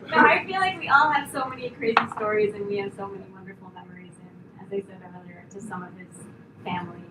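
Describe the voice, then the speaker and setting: A woman speaks at a memorial in a reminiscing, softly emotional way, at times laughing at a shared story. She is heard from a distance in an echoing room with a constant background noise. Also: mid-range voice, quick pace. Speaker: stage performer giving a memorial tribute. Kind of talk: heartfelt eulogy remarks. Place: indoor memorial gathering.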